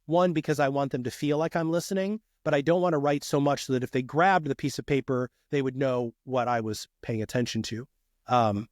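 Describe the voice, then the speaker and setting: A man who is a guest on a podcast, talking in an energetic and emphatic way and often calling the host dude. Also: mid-range voice, no room sound, studio quality. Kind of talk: casual podcast conversation.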